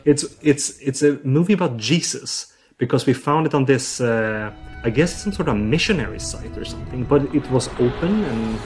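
Male researcher, guest, halting, lots of uh's, mid-pitched voice. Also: animated, a little mellow, soft background music. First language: Swedish. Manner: hesitant, many uh fillers and restarts. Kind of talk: explaining in an interview.

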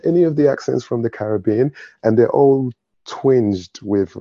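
A man's voice: mid-range voice, moderate pace, dark tone, dry recording, lo-fi sound. A young man from London with a British accent touched by Nigerian inflections, chatting casually as a guest and laughing often. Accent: British English with Nigerian touches. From London, England. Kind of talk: casual conversation.

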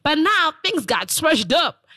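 A woman's voice: high voice, big pitch swings, slow pace, bright, forceful tone, dry recording. Playful woman co-host. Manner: playful, laughing often, teasing. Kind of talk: casual podcast chat.

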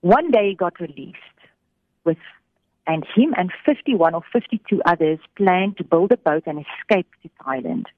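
A woman telling a faith story on the radio, animated, giving voice to the people in it. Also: on the low side, moderate pace, no echo. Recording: thin phone-like radio sound.

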